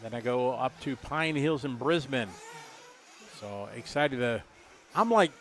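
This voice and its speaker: A man in his fifties doing relaxed, rambling live race commentary, chatty and jokey. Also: medium pitch, unhurried. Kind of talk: casual live commentary chat.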